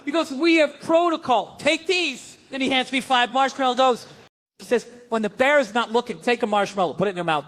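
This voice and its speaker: A man performing a stand-up comedy routine on stage, telling a story with animated energy and acting out the voices of the people in it. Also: high-pitched.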